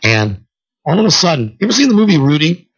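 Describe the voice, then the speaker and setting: A male talk radio host telling a long story solo, animated and acting out the people in it, on a dull lo-fi radio broadcast. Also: fairly high pitch, quick pace, a little hiss or hum.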